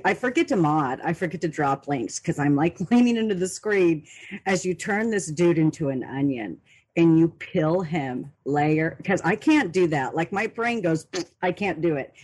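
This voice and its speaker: A woman who moderates a stream's chat, talking in an animated, excitable way and laughing often. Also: on the low side. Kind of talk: casual chat.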